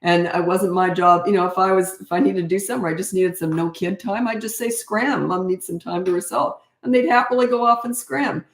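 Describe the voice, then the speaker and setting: A woman's voice: medium pitch, fairly even intonation, fast talker, few pauses, roomy sound. A middle-aged woman coaching parents in a casual live-stream Q&A, frank and chatty, laughing often, on a webcam.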